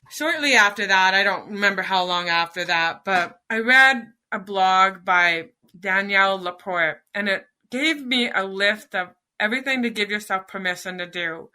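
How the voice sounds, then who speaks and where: A woman's voice: medium pitch, pushed and bright. A middle-aged woman, a podcast guest, earnestly telling a personal story and acting out her own inner dialogue.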